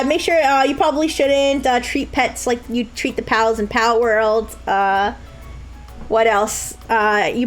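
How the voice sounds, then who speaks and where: A woman's voice: on the high side, low-quality recording. A young woman streaming a game live, chatting to viewers with crude jokes and frequent laughter, sometimes slipping into mock sobbing. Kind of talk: live-stream gameplay commentary.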